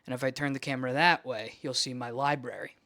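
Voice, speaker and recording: Young male vlogger, mid pitch, rambling and self-deprecating, dry close sound, home office. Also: steady tone, fast, no room sound. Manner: self-mocking, rambling, jumps between loud and mumbled asides. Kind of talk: rambling casual vlog talk to camera. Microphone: camera he holds and turns.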